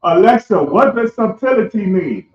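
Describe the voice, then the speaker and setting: Earnest man quoting scripture, high voice, lo-fi echoey recording. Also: animated, unhurried, slight background noise. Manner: earnest, quotes scripture in old phrasing. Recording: echoey room, dull lo-fi sound.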